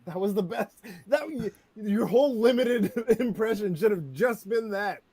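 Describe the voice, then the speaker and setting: A man's voice: high voice, animated, moderate pace, dark tone, slightly rough. Playful man dropping hot takes. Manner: playful, dropping bold opinions, laughing often. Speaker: host. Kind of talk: casual chat.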